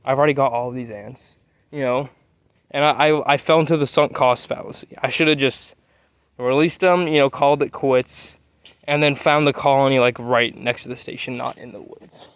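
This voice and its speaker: A man's voice: mid-range voice, fairly even intonation, normal speed, a bit bright, clean tone, dry recording. Rambling young man telling a story. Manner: rambling, swears often, loses his train of thought. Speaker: vlogger.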